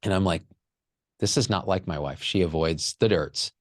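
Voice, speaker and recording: A man's voice: sits low, normal speed, no room sound, clean studio sound. A man telling a raw personal story with candid emotion, swearing freely as a podcast guest.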